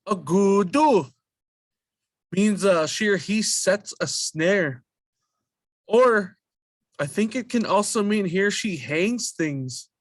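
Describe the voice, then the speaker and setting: Slow, patient man teaching vowel sounds. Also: high voice, no room sound, studio quality. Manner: drills sounds slowly and repeats each word. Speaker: language teacher. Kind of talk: slow spoken language lesson.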